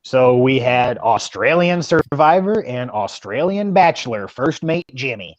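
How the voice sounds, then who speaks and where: A man chats as a podcast guest, relaxed and joking. His voice sits in a middle register. The recording is dry. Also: mid-range voice, a little slow, no room sound, dull audio. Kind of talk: casual interview chat.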